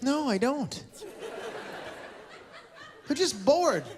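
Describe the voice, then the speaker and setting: Here the Canadian comic speaks at a normal speed with long pauses, his high-pitched voice expressive, with slight background noise. Still blunt and sarcastic, he teases the audience during crowd work in a large live venue filled with laughter.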